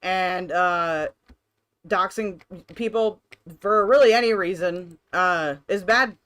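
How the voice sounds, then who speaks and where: A woman's voice: on the low side, takes it slowly, a bit bright. A woman streamer reacting on a live stream, blunt, profane and sarcastic.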